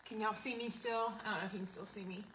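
A woman's voice: medium pitch, fairly even intonation, quick pace, heavy background noise. A middle-aged woman, chatting to viewers on a livestream while she cleans out her fridge, full of asides and fillers. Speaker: home organizing vlogger. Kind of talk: casual livestream chat. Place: home kitchen.

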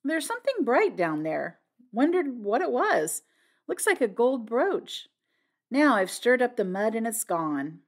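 A woman voicing a gruff middle-aged army major who talks in terse, clipped phrases with dropped words, in a storybook reading. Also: fairly high pitch, sing-song, unhurried, pitched above the performer's own voice, full character voice.

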